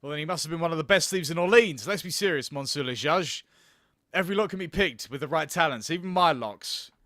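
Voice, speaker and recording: A man's voice: fairly high pitch, animated, a little fast, a bit bright, dry recording, clean studio sound. A man voicing a proud, stubborn old master locksmith who grumbles about never getting paid, in a video game. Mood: defensive grumbling.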